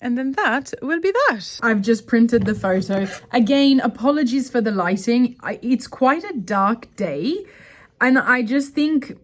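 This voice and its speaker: A woman's voice: fairly high pitch, lively intonation, measured pace. A woman chatting casually to her phone camera at home, rambling and correcting herself as she goes. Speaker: vlogger. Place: at home, indoors.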